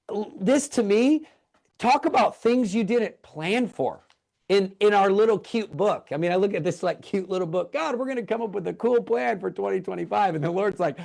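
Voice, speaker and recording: A man talks straight to his viewers on a livestream, excited and rambling, often restarting mid-sentence. His voice sits at an ordinary male pitch. He sounds like a ministry leader giving a quick, informal update over a call. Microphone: call or livestream setup.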